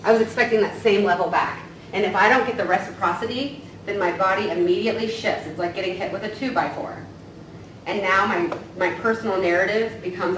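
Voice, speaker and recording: A woman's voice: mid-range voice, fairly quick, fairly bright tone. A woman counselor giving a casual training lecture, often checking in with "right?". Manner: casual, tags points with "right?". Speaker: counselor teaching a staff training. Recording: echoey room from far off, faint noise.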